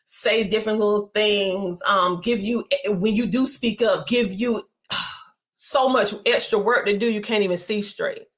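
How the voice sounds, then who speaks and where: A middle-aged woman with a heavy Southern accent, a podcast guest telling her story in a candid, animated conversational way. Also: mid-range voice, a little slow. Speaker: podcast guest, media entrepreneur.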